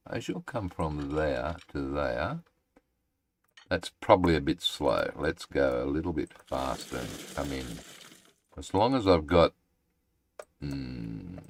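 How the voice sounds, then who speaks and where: A man streaming a game live, thinking aloud in a halting, rambling way and chatting to his viewers. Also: very deep voice, vocal fry, slight background noise.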